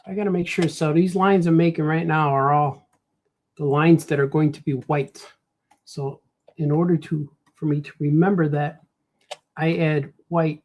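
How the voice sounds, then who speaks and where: A man's voice: a little high, a little mellow. Chatty Chicago man narrating his own drawing on a stream, easygoing and rambling. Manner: rambling, talks to himself, says "man" a lot. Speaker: cartoonist streaming while drawing. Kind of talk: casual livestream chat while drawing.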